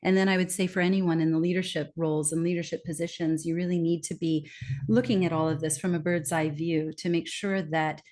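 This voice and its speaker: A middle-aged woman speaking as a guest in a podcast interview, explaining at length and lively, acting out quoted remarks. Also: fairly low pitch, a little fast.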